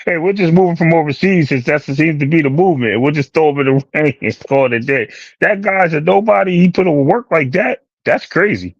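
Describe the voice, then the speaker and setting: A man co-hosting a casual boxing chat, bantering in energetic slang. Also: a little high, a little fast, few pauses, dry recording, dull audio. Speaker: co-host.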